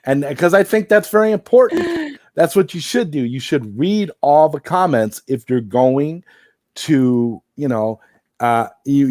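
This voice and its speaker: A man hosts a relaxed late-night live stream, talking in a loose, rambling way that keeps doubling back on itself. His voice sits at a medium pitch and sounds dry and close, with little room around it. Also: no room sound. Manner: rambling, circles back and repeats himself.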